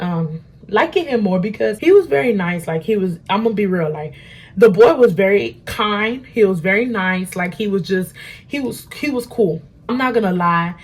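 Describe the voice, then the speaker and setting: Husky young woman telling a storytime. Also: mid-range voice. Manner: animated, slangy storytelling that acts out quotes. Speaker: beauty vlogger. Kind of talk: storytime chat while doing makeup. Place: at home.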